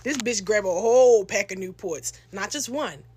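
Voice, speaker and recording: A young woman telling a casual storytime, animated and full of slang, acting out other people's lines. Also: mid-range voice, normal speed, slightly rough. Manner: animated, slangy, acts out voices in her telling.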